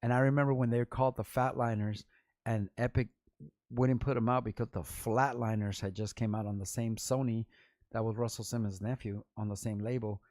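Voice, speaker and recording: A man's voice: medium pitch, brisk, dry recording. A middle-aged man with a mid-range voice, telling loose, slangy stories and breaking into quoted voices as he goes. The sound is dry and close, with no room around it. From Los Angeles. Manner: rambling, slangy, animated storytelling with restarts and quoted voices. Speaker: vlog host, rapper. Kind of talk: casual storytelling vlog.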